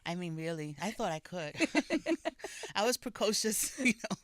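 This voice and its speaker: An older woman from the Bronx, a guest author telling stories from her life in relaxed conversation, often laughing and dropping in Spanish. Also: mid-range voice, unhurried, no room sound. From the Bronx, New York, of Puerto Rican parents. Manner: warm storyteller, laughs often, restarts phrases, mixes in Spanish.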